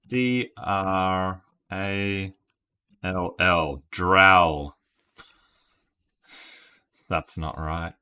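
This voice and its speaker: A man's voice: low voice, sharp tone. A man streaming word games, chatting casually and thinking aloud while laughing at himself. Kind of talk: casual live-stream commentary.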